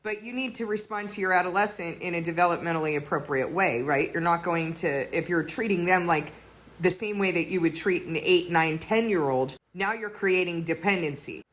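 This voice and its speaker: A woman's voice: on the low side, moderate pace, fairly bright tone. Earnest woman teaching a sermon. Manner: earnest, explains with everyday examples. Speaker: teacher of a faith community.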